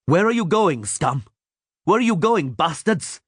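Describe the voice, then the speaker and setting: A man's voice: on the high side, big pitch swings, normal speed, breathy edge, no echo, studio quality, pitched above the performer's own voice. Man playing a roaring army officer. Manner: barking orders, roaring. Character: commanding male soldier officer, fierce.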